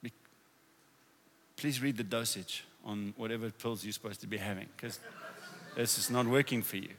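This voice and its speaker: A male pastor preaching a sermon with anecdotes, then leading the congregation in loud declarations. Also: fairly low pitch, fairly even intonation, moderate pace, big-room sound. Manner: rousing, leads congregation in declarations. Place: church.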